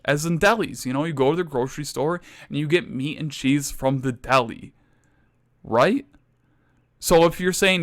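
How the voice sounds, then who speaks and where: In a fairly high-pitched voice, a young man rants through a comedic lecture delivered with mock seriousness. His overblown outrage keeps climbing toward near shouts.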